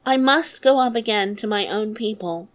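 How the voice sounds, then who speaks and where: A woman reading as a gentle fairy-tale girl, soft and earnest, with a wistful pull to her words. It stays close to the reader's own voice. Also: mid-range voice, moderate pace, lightly acted. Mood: longing.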